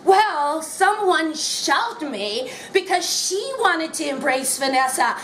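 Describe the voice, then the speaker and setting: A woman reads her memoir aloud at a bookshop event, telling it in a wry, amused way. Her voice sits high. The room around her is echoey, with faint background noise. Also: animated, slow pace, a bit bright. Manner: wry, amused, often laughing between lines. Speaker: author reading her book. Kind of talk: memoir reading at a live event.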